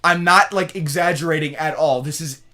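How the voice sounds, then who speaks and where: A man's voice: a little high, normal speed, pushed and bright. A young man co-hosting a casual podcast, telling a story with crude swearing and frequent laughter. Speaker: podcast co-host.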